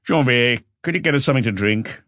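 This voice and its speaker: A man voicing a calm, courteous police inspector who asks measured, polite questions. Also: medium pitch, no room sound, clean studio sound, pitched above the performer's own voice, lightly acted.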